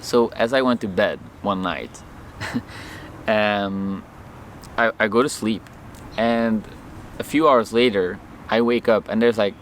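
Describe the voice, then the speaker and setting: A man vlogging outdoors, telling a personal story to camera in an animated way and acting out the lines of people in it. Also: lowish voice, takes it slowly, long pauses, a little hiss or hum. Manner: animated, acts out his own and others' lines in the story.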